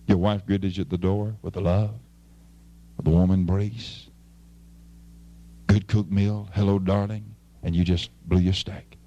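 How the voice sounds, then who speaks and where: A man preaching a fervent sermon as pastor, swinging between loud appeals and low, quiet asides. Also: level tone, measured pace, pauses often, muffled recording.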